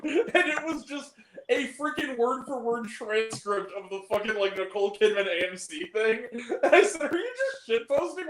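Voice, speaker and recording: A high-voiced man talks in a casual chat, animated and often laughing as he tells a story. His voice carries a roomy echo with a faint hiss of noise behind it. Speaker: guest on a film talk stream. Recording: echoey room with faint noise.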